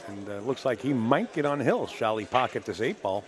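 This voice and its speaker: A man doing play-by-play commentary on a pool match from a commentary booth, relaxed and chatty. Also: mid-range voice, a little fast. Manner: relaxed, chatty, wraps up the broadcast. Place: commentary booth at a billiards hall.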